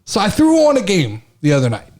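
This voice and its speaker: Animated high-voiced man hosting a podcast. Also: a little fast. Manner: excitable, animated storytelling with swearing. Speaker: podcast co-host. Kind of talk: casual sports podcast chat.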